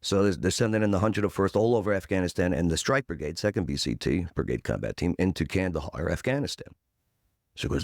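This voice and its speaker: This fast-talking podcast guest, a man in his forties, spins a punchy tale, voicing the people in it and tossing in "boom" again and again. The sound is clean studio audio without echo.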